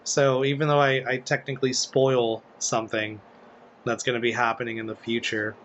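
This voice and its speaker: A man talks casually over his own footage in a commentary track. His voice sits at an ordinary middle pitch, and he rambles, restarting sentences and filling pauses as he goes. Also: little pitch movement, a bit bright, lo-fi sound, slight background noise. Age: adult. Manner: rambling, many fillers and restarts. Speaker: creator giving audio commentary. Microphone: voice-over commentary mic.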